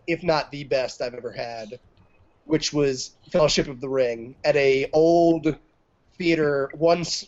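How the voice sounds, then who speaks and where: A man with a slightly high voice tells stories on a casual movie podcast. He talks in an animated way. The recording is dull and lo-fi. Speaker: podcast co-host.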